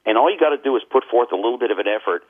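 A man's voice: mid-range voice, expressive, very fast, husky. An older man, a talk radio host, telling stories in a chatty, anecdotal way during an interview, with frequent restarts. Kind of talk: casual interview storytelling. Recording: tinny phone line.

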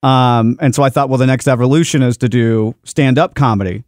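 A man's voice: mid-range voice, brisk, a little mellow, dry recording. A man from Dallas, Texas, a studio owner chatting as a podcast guest in a studio, easygoing and making self-deprecating jokes. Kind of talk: casual podcast interview.

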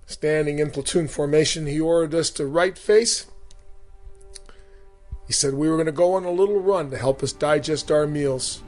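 A man narrating his own memoir in a measured, vivid way. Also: fairly high pitch. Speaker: storyteller recounting his own boot camp. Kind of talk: memoir reading.

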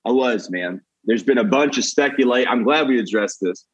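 A young man with a Southern US accent, a comedian guest telling animated stories in casual chat and saying "dude" a lot. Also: mid-range voice, normal speed, breathy edge, dry recording, muffled recording. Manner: animated, says "dude" often, jumps into quoted voices.

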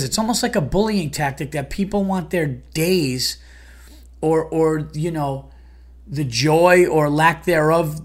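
A middle-aged comedian vents in a profane, exasperated rant. His voice sits a bit high for a man and jumps louder and higher when he gets worked up. It is a casual podcast monologue.

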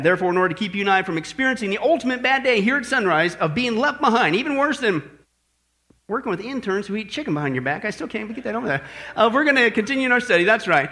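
A male pastor with a very high, bright, ringing voice. He preaches in a folksy, playful manner, easing into the sermon with jokes. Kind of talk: joking sermon.

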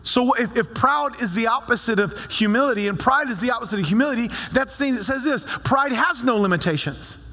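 A man's voice: extremely high pitch, expressive, a little fast, hardly any pauses, bright, forceful tone, in a large hall. A man preaching a sermon as pastor of a church, talking to the congregation in a conversational way and repeating phrases for emphasis. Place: church sanctuary.

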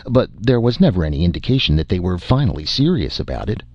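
A man's voice: sits low, big pitch swings, fast, darkish tone, no room sound, dull audio, exaggerated voice. A man voicing a gloomy, exasperated alien base commander who overstates everything. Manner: despairing, exasperated.

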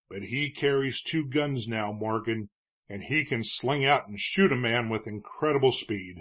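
A man's voice: mid-range voice, close to an everyday voice. A man voicing an elderly, shrewd town judge who speaks in an earnest, pleading way. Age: older.

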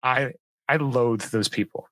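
Male podcast co-host, bright forceful tone, dry close sound, animated and opinionated casual chat. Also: medium pitch, unhurried, dry recording. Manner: animated, opinionated, enthusiastic about skiing.

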